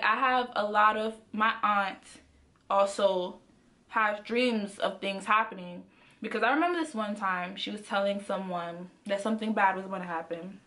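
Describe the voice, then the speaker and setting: A young woman from the Caribbean, a vlogger telling a story in casual, slangy, animated talk. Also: mid-range voice. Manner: animated, slangy, laughs often.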